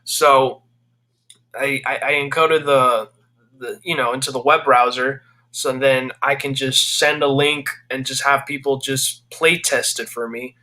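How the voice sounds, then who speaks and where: A man's voice: medium pitch, fairly even intonation, measured pace. A young man, a game developer guest, chats casually and eagerly, talking at length and responding with easy agreement. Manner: eager and talkative, warm agreement. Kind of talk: casual chat.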